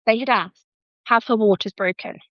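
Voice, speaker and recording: A woman's voice: on the high side, moderate pace, dry recording. A young British woman with a British English accent, a podcast guest telling her birth story in casual chat and acting out the lines other people said. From Britain. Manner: lively, re-enacts quoted dialogue with "I was like". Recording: slightly muffled, dry close mic.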